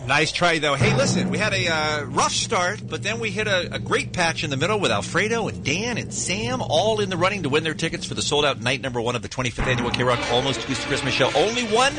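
A man's voice: a little high, big pitch swings, fast talker, hardly any pauses, over loud music. A man hosting a morning radio show, teasing his co-host in a playful, casual banter style.

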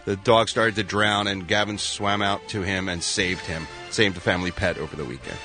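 A man co-hosting a morning radio show, telling showbiz news with jokey, animated banter. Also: low voice, normal speed, over music.

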